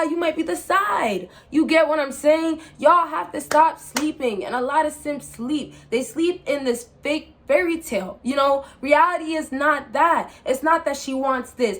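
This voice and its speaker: A young woman giving blunt dating advice in a casual vlog monologue. She talks in a preachy way and keeps apologizing. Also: high-pitched. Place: indoors, seated in a rolling chair.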